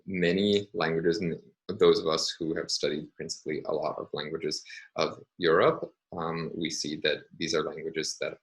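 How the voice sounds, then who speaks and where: A middle-aged man giving a university lecture in a measured way, with frequent hesitations and fillers. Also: low voice, a bit bright, rough recording.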